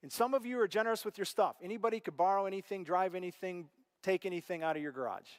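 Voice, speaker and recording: A middle-aged male pastor preaching a sermon, telling stories with animated delivery and acting out voices, dropping to a hush and rising again. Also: high-pitched, quick pace, in a large hall. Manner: animated storytelling, acts out quoted voices, big swings from loud to hushed. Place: church auditorium.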